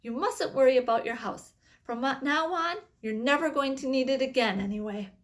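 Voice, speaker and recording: A woman reading aloud, voicing a whimsical, excitable man who makes candy, in a brisk, cheerful tone. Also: sits high, close to an everyday voice.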